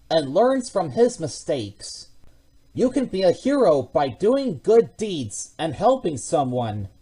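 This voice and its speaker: A woman voicing a kind, fatherly male workshop boss who talks gently and reassuringly. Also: on the low side, slightly rough, heavily acted. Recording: music behind the voice.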